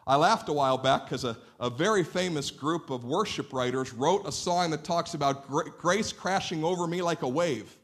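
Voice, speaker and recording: A man from Northeast Ohio preaching a sermon to a church congregation, telling animated stories and asking the listeners questions. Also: on the high side, normal speed, hardly any pauses. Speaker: pastor. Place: church sanctuary.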